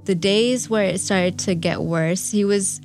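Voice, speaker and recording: A young woman sharing a personal recollection in an interview, speaking reflectively and haltingly with fillers and restarts. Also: mid-range voice, darkish tone. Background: faint music.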